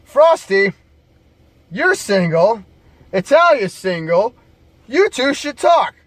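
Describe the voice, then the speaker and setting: A man voicing his brash, drunken male friend who has no filter, speaking bluntly and loudly. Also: high-pitched, very animated, takes it slowly, no room sound, voice pushed up, full character voice. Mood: pushy. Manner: blunt and loud.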